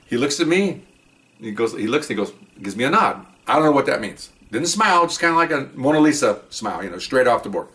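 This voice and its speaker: A man's voice: mid-range voice, very animated, fast talker, a bit bright, recorded from a distance. A man, a former police officer, telling a story from his career in a casual first-person way, acting out the dialogue and swearing offhand. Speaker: retired police officer telling stories on a podcast.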